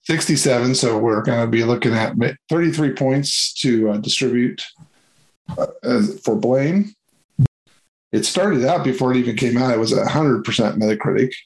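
A man's voice: medium pitch, normal speed, low-quality recording. A man hosting a casual movie review chat, rambling and hesitant with many fillers and restarts.

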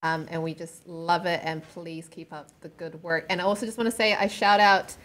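A woman co-hosting a podcast, bubbly and quick to laugh. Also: on the low side, little pitch movement, a bit bright. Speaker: podcast co-host. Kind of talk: casual chat.

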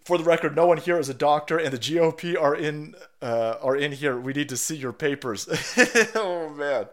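A livestream host speaks at a normal speed in a voice on the high side, sounding congested from a cold and somewhat winded. His talk is casual, rambling, sarcastic, and profane.

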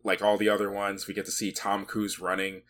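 A man's voice: lowish voice, monotone, brisk, a bit bright. A man co-hosting a podcast who jokes around and laughs often in casual chat. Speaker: podcast co-host.

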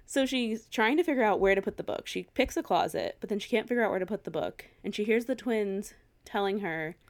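A young woman co-hosting a podcast, casually recapping a film in an animated, sweary way and laughing often. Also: mid-range voice, a little fast. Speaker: podcast co-host.

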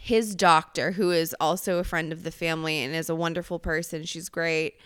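A woman's voice: low-pitched, flat delivery, normal speed, a bit bright, clear, resonant tone, no echo, clean studio sound. A woman hosting a podcast, chatting casually and telling a rambling, profane story. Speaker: podcast host. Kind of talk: casual chat.

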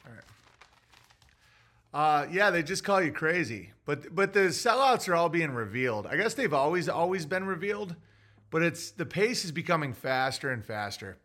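Bright-voiced man rambling on a livestream. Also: a little high, very animated, moderate pace. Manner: rambling and offhand, with frequent fillers and restarts. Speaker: livestream host reading viewer chats. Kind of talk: casual livestream chat.

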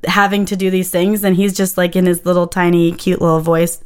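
A woman co-hosting a casual parenting chat, telling a lively anecdote with high quoted voices. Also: fairly quick, clean tone. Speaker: podcast co-host and parent.

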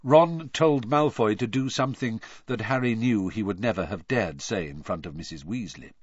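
A man reading a novel aloud as an expressive audiobook narrator. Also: lowish voice, moderate pace, husky, no echo, dull audio. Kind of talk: scripted narration.

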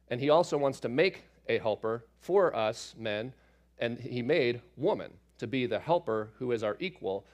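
A man's voice: medium pitch, darkish tone. Man casually teaching through Scripture. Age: adult parent. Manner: casual, explanatory asides with fillers. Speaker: Bible teacher. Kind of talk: conversational Bible teaching.

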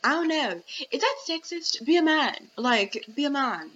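A woman's voice: sits high, sing-song, moderate pace, fairly bright tone, muffled recording, slight background noise. A young adult woman hosting a podcast, ranting animatedly in casual chat with lots of fillers. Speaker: podcast host.

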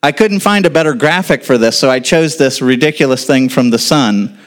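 Lively, questioning male preacher. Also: mid-range voice, normal speed. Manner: asks the audience questions, then answers them; informal, with casual asides. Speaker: pastor. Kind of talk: sermon.

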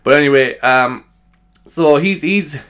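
Tired, rambling Irish podcast host. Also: male voice, on the high side, measured pace, a bit bright, clean tone. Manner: rambling, chatty, laughs at himself, tags "you know".

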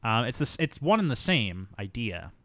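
A man's voice: medium pitch, sing-song, moderate pace, pushed and bright, no room sound. A man co-hosting a casual movie-review podcast, riffing with jokey asides. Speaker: podcast co-host.

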